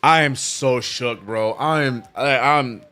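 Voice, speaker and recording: A man hosting a live sports watch-along, chatting casually and excitably with lots of slang and repeated "bro". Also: medium pitch, takes it slowly, clean tone. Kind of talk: casual live-stream chat.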